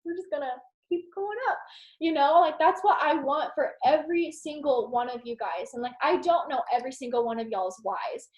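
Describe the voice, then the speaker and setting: A young woman giving a casual, rambling motivational talk to her team on a video call, animated and full of "like". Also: high voice, brisk, hardly any pauses. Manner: animated, rambling, heavy use of "like". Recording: roomy echo.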